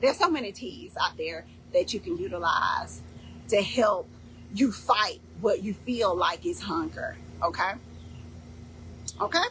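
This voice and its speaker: A woman leading a faith-based fasting program in casual instructional talk, emphatic and repeating key points with "okay?". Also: medium pitch, sing-song, fairly bright tone, a little hiss or hum, low-quality recording.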